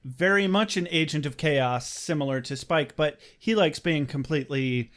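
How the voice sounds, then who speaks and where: A man's voice: fairly high pitch, moderate pace, a bit bright. A man co-hosting a podcast in loose, profane casual chat, laughing often. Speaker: podcast co-host.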